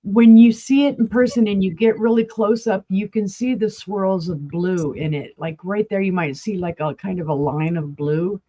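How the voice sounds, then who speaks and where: A New Mexico-accented woman guest-sells on a live auction stream, talking at a moderate pace with few pauses in a dark, medium-pitched voice. In a folksy, chatty way, she details the glassware for her viewers.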